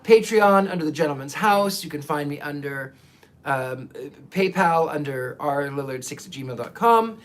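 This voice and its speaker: A man hosting a psychic livestream, chatting casually and reading viewer comments in a theatrical, affectionate way, often stammering and restarting. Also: a little high.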